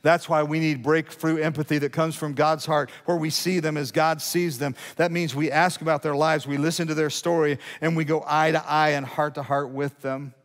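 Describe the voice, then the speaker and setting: A man's voice: on the high side, flat delivery, moderate pace, few pauses, in a large hall. A middle-aged man preaching a sermon as pastor, conversational and prone to restarts and asides.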